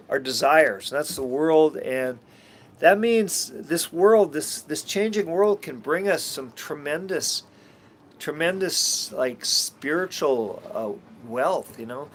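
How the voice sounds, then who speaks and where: Man reading tarot on a rambling livestream. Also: a little high. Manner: halting, many restarts and fillers, scornful asides. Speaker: tarot reader and channel host.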